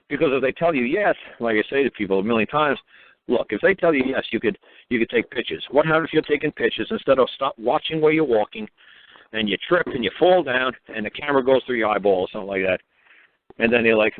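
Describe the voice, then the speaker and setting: A man's voice: medium pitch, fast, dry recording. A man telling stories in an emphatic, rambling way, swearing and acting out the people he quotes. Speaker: speaker on law and public officials. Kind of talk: casual talk, storytelling. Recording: phone-like narrow sound.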